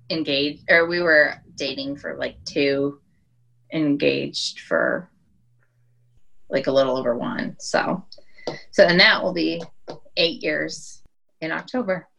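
A woman's voice: sits low, lively intonation, slow, creaky, long pauses, a bit bright, muffled recording. A woman in her thirties from Wyoming, telling stories in a casual podcast chat with lots of "like" and "um.". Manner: chatty storyteller, many "like" and "um" fillers. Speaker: podcast guest.

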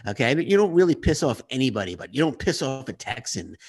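A man's voice: mid-range voice, quick pace, husky. Male podcast co-host, worked-up and ranting about wrestling booking, stumbling over restarts. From Queens, New York. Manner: animated, ranting, many restarts. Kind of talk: casual wrestling chat. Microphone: webcam.

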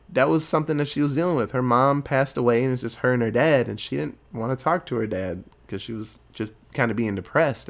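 A man casually retelling a movie plot in a lively, profane storytelling way. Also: mid-range voice. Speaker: movie recapper.

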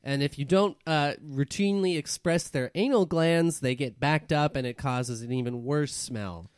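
A man's voice: fairly high pitch, normal speed, clear, resonant tone, no echo, studio quality. A man improvising as a flustered stage magician on a comedy podcast. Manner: flustered, stammering showman.

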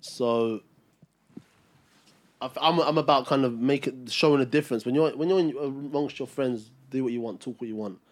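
A young man argues his side on a podcast, stopping and restarting his sentences. His voice sits at an ordinary middle pitch. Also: moderate pace. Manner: hesitant, many restarts. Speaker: podcast co-host. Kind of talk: casual debate.

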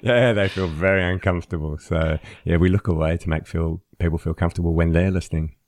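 A man's voice: low-pitched, steady tone, fast, a little mellow, slight background noise. A man co-hosting a casual podcast chat, explaining with stories and laughing often. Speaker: podcast co-host, listening trainer.

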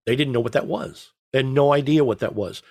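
A middle-aged man telling stories in casual chat as a podcast co-host, rambling and joking with a deadpan delivery. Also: medium pitch, fairly quick, gravelly, no echo, studio quality.

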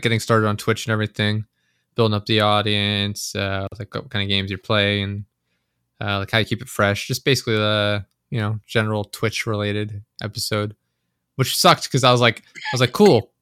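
A man's voice: fairly low pitch, little pitch movement, brisk, sharp tone, clean tone, no room sound, clean studio sound. A man co-hosting a podcast, chatting casually, swearing freely and acting out his own frustrated reactions. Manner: swears freely, acts out frustrated inner monologue. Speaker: podcast co-host. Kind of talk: casual chat.

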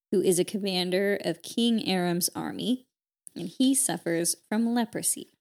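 A woman co-hosting a podcast, casually retelling a story with lots of "like" and quick character voices. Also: mid-range voice. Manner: chatty, peppered with "like", voices characters in quotes. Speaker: podcast co-host.

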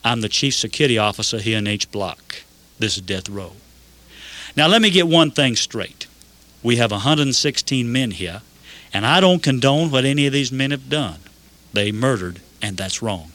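Man doing stern caring prison captain, Georgian accent, firm, slow, a bit lower. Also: animated, fairly bright tone, lightly acted.

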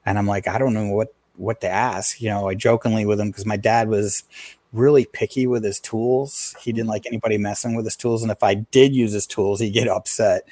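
A middle-aged man tells a personal story in an easygoing, halting way, stopping often on fillers and restarting his sentences. His voice sits a little low. The recording is close and dry, with almost no room sound. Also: a little mellow, dry recording. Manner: plain, unhurried storytelling with frequent fillers and restarts. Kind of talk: personal story told in casual conversation.

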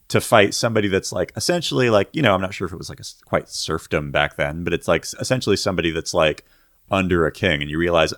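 A man's voice: sits low, lively intonation, quick pace, a bit bright, no room sound, studio quality. A young man chatting casually on a podcast, rambling with lots of fillers. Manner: rambling, filler-heavy storytelling.

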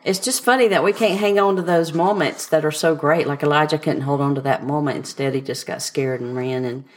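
A woman's voice: sits low, a little fast. A woman co-hosting a podcast, reading scripture aloud and then talking it over in casual chat. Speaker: podcast co-host. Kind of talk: casual Bible study chat.

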